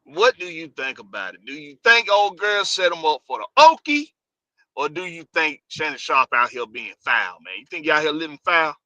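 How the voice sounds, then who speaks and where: A man's voice: fairly high pitch, big pitch swings, normal speed, bright, forceful tone, no echo. A man hosting a casual live stream, rambling loosely and greeting viewers by name.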